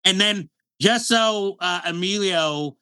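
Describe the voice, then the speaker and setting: A man co-hosting a podcast, chatting casually about a movie, animated, laughing often and restarting his sentences. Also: high-pitched, takes it slowly, clear, resonant tone. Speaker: podcast co-host. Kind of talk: casual film review chat.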